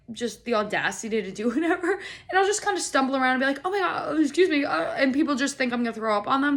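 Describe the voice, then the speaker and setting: A young American woman hosting a podcast, telling a comedic story in a chatty, animated way with lots of "like" and some swearing. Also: fairly high pitch. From United States. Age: young adult. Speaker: podcast host.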